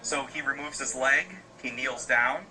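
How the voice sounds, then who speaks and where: Rambling man telling a dark tale. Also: medium pitch, unhurried, faint music behind, rough recording. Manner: loose, rambling, frequent fillers. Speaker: podcast host telling a story. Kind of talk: casual spoken storytelling.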